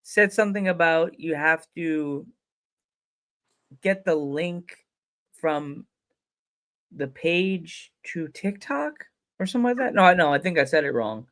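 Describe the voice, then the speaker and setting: A relaxed male host chats with his guest over a video call. He jokes around easily and often leaves his sentences unfinished. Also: fairly high pitch, measured pace, long pauses. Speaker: talk show host. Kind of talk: casual interview chat.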